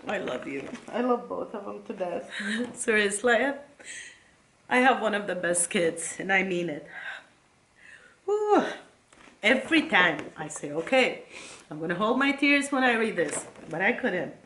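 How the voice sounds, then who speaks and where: A middle-aged woman reading old letters from her sons aloud, tender and halting, close to tears. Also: medium pitch, lively intonation, a bit bright, slight background noise. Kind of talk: emotional casual vlog reading.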